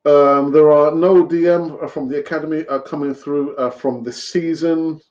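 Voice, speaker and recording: A man's voice: a little high, steady tone, moderate pace, darkish tone. A man hosting a fan live stream, talking in a rambling, chatty way with fillers and laughs, over lo-fi stream audio. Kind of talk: casual live-stream chat.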